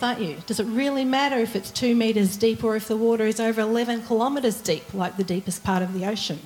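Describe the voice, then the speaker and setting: A woman's voice: a little high, darkish tone, soft background music, poor audio. A woman preaching a sermon in an earnest, pleading way, asking her listeners many rhetorical questions. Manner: earnest and pleading, slowing down for emphasis.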